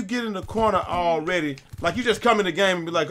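A young man giving casual gameplay commentary with friends, joking, swearing a lot and breaking into loud yells when the action picks up. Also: high voice, quick pace. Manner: swears a lot and breaks into yelling mid-game; jokey, trash-talking banter. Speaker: gaming commentator.

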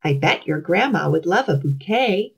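A woman's voice: on the low side, sing-song, moderate pace, vocal fry, slightly rough, dull audio, full character voice. A woman voicing a sly, sweet-talking big bad wolf in a children's storybook reading, coaxing and honeyed. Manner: honeyed, coaxing, snarls at the end.

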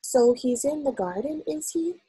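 Woman voicing a storybook queen, regal, sharp, higher and louder, husky tone, lively pitch. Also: measured pace, heavily acted. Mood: amused. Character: startled but commanding old queen, woman.

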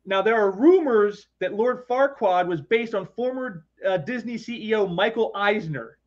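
A man with a notably high voice tells stories and trivia in a relaxed chat, tripping over his words as he goes. His sound comes through dull and lo-fi. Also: moderate pace. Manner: chatty storyteller, trivia-sharing, stumbling over words. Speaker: co-host. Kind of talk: casual chat. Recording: dull lo-fi audio.

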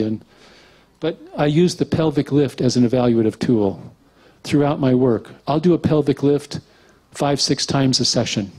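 Loose-talking man giving a bodywork lecture, middle pitch, wanders off into stories and plays out what clients say. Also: moderate pace, slightly rough. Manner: relaxed, rambling, acts out quotes. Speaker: structural integration teacher. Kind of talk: casual lecture with anecdotes.

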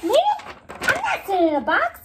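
Woman putting on a playful little storybook rabbit, squeaky, bouncy ups and downs, shouty sound effects. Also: wildly swooping pitch, moderate pace, very noisy, exaggerated voice. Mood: excited, playful.

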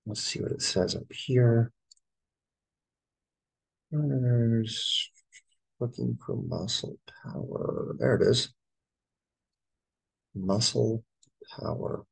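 A man's voice: mid-range voice, extremely slow, gravelly, long pauses, breathy edge, low-quality recording. A middle-aged American man, an English teacher, going through test answers and spelling words out letter by letter. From United States.

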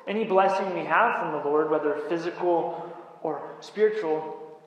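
A man preaching a sermon in a church, measured and emphatic, pausing on key words. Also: on the high side, lo-fi sound. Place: church sanctuary. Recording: very echoey church hall with faint hiss.

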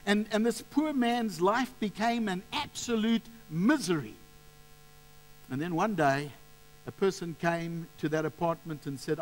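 Male preacher, high voice, impassioned sermon, repeats words as he builds a story. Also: a little slow, poor audio.

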